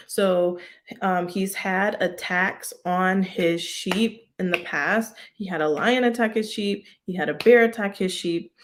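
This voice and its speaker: A woman teaching a casual Bible study in a chatty way, full of "like" and "um" and quick laughs. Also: mid-range voice. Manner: chatty, lots of "like" and "um", laughs often.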